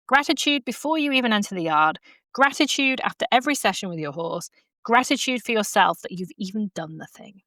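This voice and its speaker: Woman, podcast host, casual chat, fillers, mid pitch, dry recording. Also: lively intonation, fairly quick, sharp tone, no room sound. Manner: chatty, laughs often, many fillers. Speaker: podcast host and horsemanship coach. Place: at home in front of a laptop. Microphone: laptop podcast mic.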